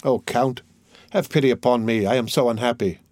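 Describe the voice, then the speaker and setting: A man voicing a grief-stricken young man, speaking low and mournfully. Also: brisk, a little mellow, dry recording, lightly acted. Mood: despairing.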